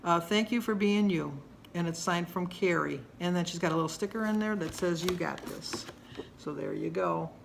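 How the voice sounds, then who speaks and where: A woman's voice: fairly low pitch, normal speed, gravelly, slight background noise. A woman in her sixties chatting casually to camera at home, rambling and homey in her delivery. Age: 60s. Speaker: vlogger.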